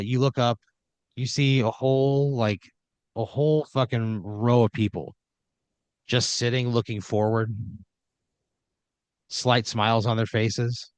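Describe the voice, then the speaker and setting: A man's voice: mid-range voice, dry recording. A man narrating an improvised horror comedy scene in a loose, rambling way, full of fillers and restarts. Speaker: storyteller running the scene.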